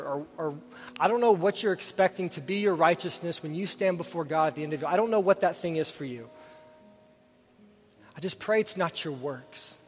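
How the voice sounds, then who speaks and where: A man preaching a sermon in a church, telling a story earnestly and asking his listeners direct questions before leading a prayer. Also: high-pitched. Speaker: pastor. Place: church sanctuary. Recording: reverberant hall with faint music.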